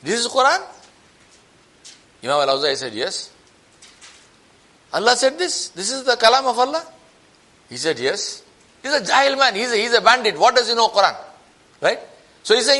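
Man, preacher, sermon storytelling, high voice, bright tone, acts out quoted speech. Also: moderate pace, pauses often. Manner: animated, acts out quoted voices with rising pitch.

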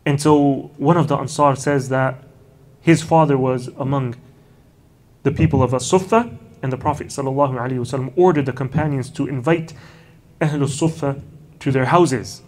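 A medium-pitched male voice with a darkish tone delivers a leisurely talk on early Islamic history. He narrates stories and regularly drops in Arabic honorifics along with relaxed "you know" asides.

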